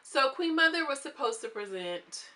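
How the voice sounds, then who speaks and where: Bright-voiced woman giving chatty commentary. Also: high voice, moderate pace. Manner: chatty and expressive, addresses viewers as y'all. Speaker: reality show reviewer. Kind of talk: casual commentary.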